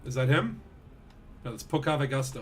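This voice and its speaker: A young man giving animated gameplay commentary as a streamer, yelling when things get exciting. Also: mid-range voice, normal speed, slight background noise. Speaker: game streamer.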